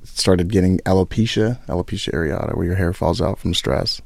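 A man, a comedian, telling a wry story in halting starts as a radio guest. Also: low-pitched, creaky, no room sound. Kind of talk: radio interview.

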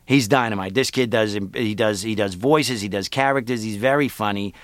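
A man's voice: lowish voice, normal speed, no echo, voice pushed down, close to an everyday voice. A man voicing a pushy male talent agent who gushes over a young client. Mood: hyping. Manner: salesy, gushing, repeats praise.

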